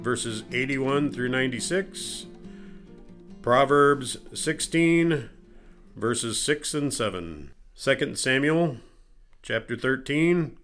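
A man giving a daily Bible reading in a steady, measured way. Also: medium pitch. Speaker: scripture reader.

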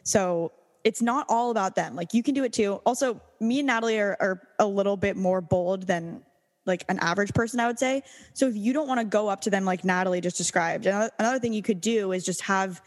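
A woman's voice: mid-range voice, brisk, in a large hall. Young woman giving frank dating advice. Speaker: podcast co-host. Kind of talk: casual chat.

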